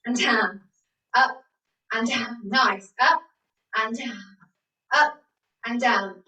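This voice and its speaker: Slow, bright-voiced woman fitness instructor. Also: on the high side, far from the mic. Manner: encouraging, counting out moves. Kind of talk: leading an exercise class. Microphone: video call. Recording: echoey room, away from the mic.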